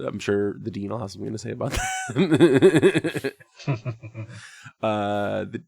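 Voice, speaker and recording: Low gravelly-voiced man hosting a talkback. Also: wildly swooping pitch, slow, darkish tone. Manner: rambling and self-deprecating, laughs often. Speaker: podcast host and game master. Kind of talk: casual talkback chat.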